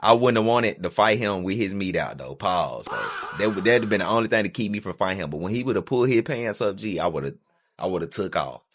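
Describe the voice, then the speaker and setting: A man's voice: lowish voice, animated, quick pace, hardly any pauses, background noise. A man hosting a reaction video, talking back in a boisterous, slangy, repetitive way. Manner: boisterous, slangy, repeats himself. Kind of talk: reaction commentary.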